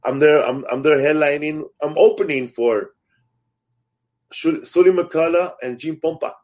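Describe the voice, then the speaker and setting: A man's voice: fairly high pitch, unhurried. A man, a stand-up comic, telling stories in casual chat, acting out quotes and swearing freely. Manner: animated storyteller, acts out quotes, swears freely.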